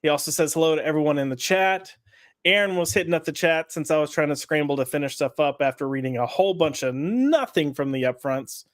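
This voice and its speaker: Male podcast host, slightly high voice, dry close sound, playful chat banter. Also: fairly quick, no room sound. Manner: joking, reads chat names aloud. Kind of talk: casual chat.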